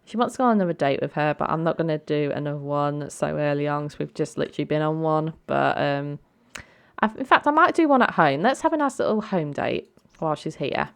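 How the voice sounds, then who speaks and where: Low-voiced chatty woman. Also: expressive, brisk, clear, resonant tone. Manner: chatty, filler-heavy. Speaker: let's play host. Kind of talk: casual gameplay commentary.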